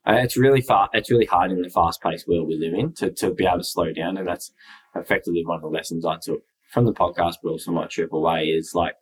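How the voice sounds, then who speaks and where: A deep-voiced man talks about being a father on a casual podcast. He speaks earnestly and reflectively, weighing his words. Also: fast talker, husky, poor audio.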